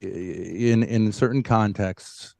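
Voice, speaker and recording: A man arguing on a live debate panel, halting and trailing off with many restarts. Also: fairly low pitch, creaky, warm tone, no echo.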